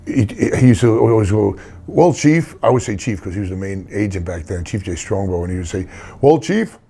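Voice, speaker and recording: Gravelly-voiced man telling rambling stories. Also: low-pitched, steady tone, fast talker, mellow. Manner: rambling anecdotes with many restarts. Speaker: wrestler guest. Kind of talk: casual interview storytelling.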